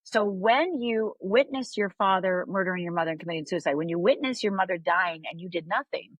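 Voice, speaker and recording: Low, husky older woman telling her story. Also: a little fast, no echo, low-quality recording. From Upper Michigan. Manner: candid, confiding, checks in with tag questions. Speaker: podcast guest. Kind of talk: personal storytelling.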